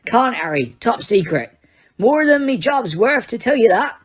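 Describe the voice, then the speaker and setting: A woman voicing a huge, gruff, bearded gamekeeper who talks bluntly in dialect, lifted higher and louder than her narration. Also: sing-song, unhurried. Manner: blunt, dialect-heavy speech.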